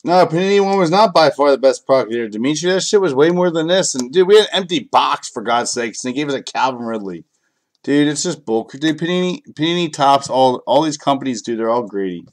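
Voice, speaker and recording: A man's voice: medium pitch, expressive, brisk. A man hosting a live sports card break, calling out cards in a frustrated, cursing, grumbling way. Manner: frustrated, profane, grumbling between card calls.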